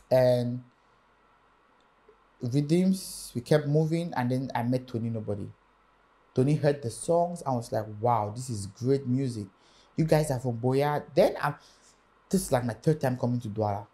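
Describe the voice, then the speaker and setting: Brief: young male musician, lively interview storyteller who acts out the voices in his story. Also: medium pitch. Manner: animated storyteller acting out quoted voices. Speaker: music artist guest.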